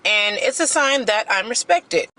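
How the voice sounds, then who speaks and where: A woman speaking to camera in a social media clip, measured and self-assured. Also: a little high, lively intonation, sharp tone. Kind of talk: talking to camera.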